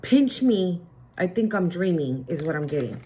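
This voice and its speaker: A young adult woman, a spiritual reader, gives a casual tarot-style channeled reading that's chatty and emphatic, full of slangy fillers. Her lowish voice is sing-song and mellow at a moderate pace, captured with a lo-fi sound.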